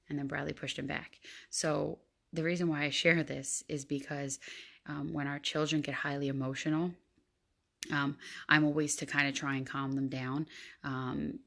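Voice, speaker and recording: A woman's voice: a bass voice, level tone, normal speed, vocal fry, a bit bright. A woman in her thirties, a teacher and parent, talking casually to camera with lots of fillers. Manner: chatty, many fillers. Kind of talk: casual vlog talk.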